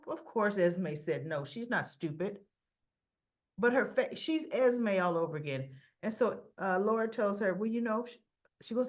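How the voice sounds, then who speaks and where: A woman's voice: medium pitch, lively intonation, normal speed, muffled recording. A woman chatting casually and with strong opinions as she recaps a soap opera, acting out the characters' lines as she goes. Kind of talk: casual chat.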